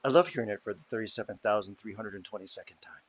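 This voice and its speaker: A man's voice: lowish voice, very fast, slightly rough, lo-fi sound, voice pushed down. Casting: man playing a haughty mermaid performer, condescending drawl.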